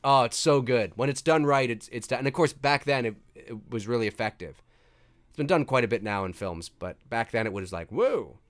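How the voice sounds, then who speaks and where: Reacting to a film and reading out viewer chat, a man hosts a live movie commentary in a casual, excited way, swearing freely. His voice is mid-range and fairly quick.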